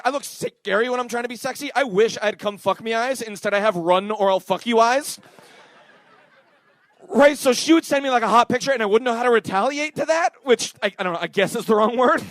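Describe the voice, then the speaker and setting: Canadian guy doing standup, kinda high voice, rambly and self-deprecating, dry close mic. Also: fairly quick, a bit bright, no echo. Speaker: stand-up comedian. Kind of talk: stand-up set. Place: comedy club stage.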